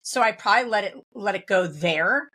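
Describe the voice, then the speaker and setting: Woman interview guest, medium pitch, thoughtful, halting delivery. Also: animated, sharp tone. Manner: reflective, many restarts and fillers. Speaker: guest, real estate investor. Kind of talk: conversational interview.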